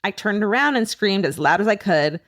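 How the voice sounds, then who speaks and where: Lively woman podcast host, dry studio. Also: medium pitch, normal speed, no room sound. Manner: animated storyteller, laughs often, swears casually. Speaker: podcast co-host reading listener stories. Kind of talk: casual comedic podcast chat.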